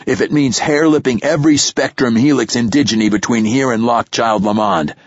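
A man voicing a blustering, profane military commander who grows loud and harsh when crossed. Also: mid-range voice, moderate pace, slightly rough, no echo, dull audio, voice pushed up, natural voice. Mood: angry. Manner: blustering, rising to shouting when angry.

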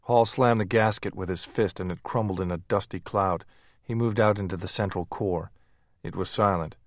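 In studio quality with a dry recording, a deep-voiced man narrates an audiobook. His reading voice stays steady and measured.

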